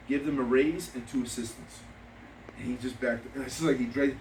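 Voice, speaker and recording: A man's voice: mid-range voice, quick pace, a little mellow, slight background noise. A man giving a motivational seminar talk to trainees, emphatic and repetitive, telling stories with quoted dialogue. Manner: emphatic, repeats key points. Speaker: speaker training insurance agents. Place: meeting room with live audience. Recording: echoey room, mic from a distance.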